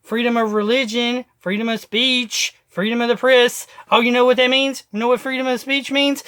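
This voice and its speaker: Bright, forceful man ranting. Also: extremely high pitch, flat delivery, moderate pace, hardly any pauses, clean tone. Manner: emphatic, profane, repetitive ranting. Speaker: video host. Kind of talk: political rant to camera.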